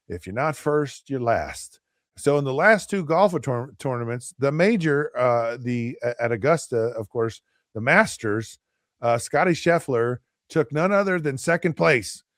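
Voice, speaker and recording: A man's voice: medium pitch, no echo, studio quality. A middle-aged man hosting a casual sports talk show, rambling and sarcastic, with lots of fillers and restarts. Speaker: host.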